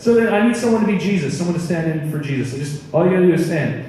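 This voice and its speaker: A man preaching a casual youth sermon, animated and chatty, with a voice sitting a little high. He is heard from a distance across a reverberant hall, with long echo tails and faint room noise. He tells stories in a loose, conversational way. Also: rapid-fire. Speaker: youth pastor. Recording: echoey hall, mic far off.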